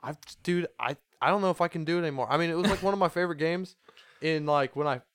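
A man's voice: fairly high pitch, quick pace, fairly bright tone, smooth, no room sound, clean studio sound. A man in his twenties, a podcast co-host, chatting casually and swearing a lot. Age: 20s.

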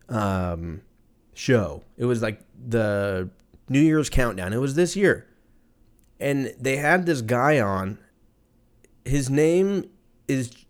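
A man in his thirties hosting a podcast, ranting casually in a profane, rambling, sarcastic way. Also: medium pitch. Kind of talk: casual rant.

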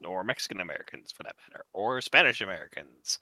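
Young man, very bright and forceful voice, dry close sound, casual blunt podcast chat. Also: deep voice, quick pace, dry recording. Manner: blunt, swears casually, lively tangents. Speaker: podcast co-host.

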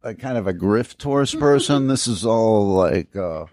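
Co-hosting a relaxed podcast, a man rambles through stories and acts out the people in them. His low-leaning, darkish voice has lively intonation and a slightly slow pace, captured in a clean studio with no room sound.

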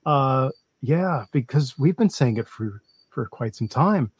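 A man in a casual religious discussion, animated and talking straight to the viewers. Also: medium pitch, a little slow, breathy edge, no echo. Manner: animated, addresses viewers as folks.

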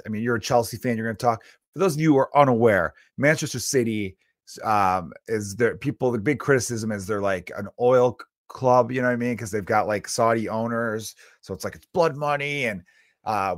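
A man with a lowish voice rants alone on his podcast, swearing freely as he tells a story. He slips into acted inner voices along the way. The sound is dry and close, with no room around it. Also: no echo. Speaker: comedian podcast host. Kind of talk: casual solo rant.

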